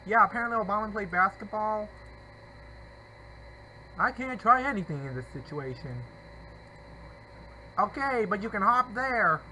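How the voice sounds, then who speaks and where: Excitable high-voiced man playing a game. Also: a little slow, pauses often, a little hiss or hum, low-quality recording. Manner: excitable, talks to himself and apologizes. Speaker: gamer. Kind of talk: gameplay commentary.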